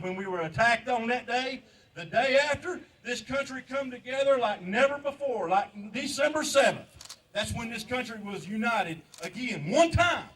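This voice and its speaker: At a memorial ceremony, an elderly U.S. veteran makes a fervent, pleading patriotic address outdoors in a memorial park, repeating phrases for emphasis. The mic sits far from him, and his high voice has a fairly bright tone.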